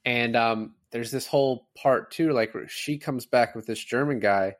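A podcast co-host with a medium-pitched voice talks a little slowly about a film, retelling scenes casually with lots of filler words. The recording is dry and of studio quality.

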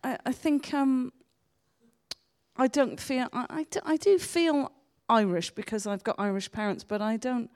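A woman comedian guest in a live on-stage conversation, talking hesitantly and haltingly. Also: high-pitched, a little mellow.

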